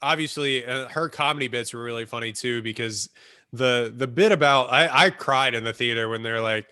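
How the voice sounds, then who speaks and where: A man's voice: medium pitch, moderate pace, pushed and bright, smooth, no room sound, studio quality. A man co-hosting a podcast in casual chat, laughing often and acting out quotes. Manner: laughs a lot, acts out quotes. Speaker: podcast co-host.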